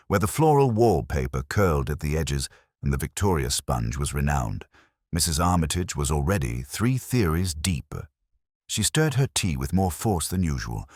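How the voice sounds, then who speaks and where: A man reading a cozy mystery story aloud, his voice extremely deep and resonant in the low end. He tells it with a lively, rolling lilt, and the recording is close and completely dry. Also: no echo. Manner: measured, expressive storytelling. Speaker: narrator. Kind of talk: scripted storybook narration.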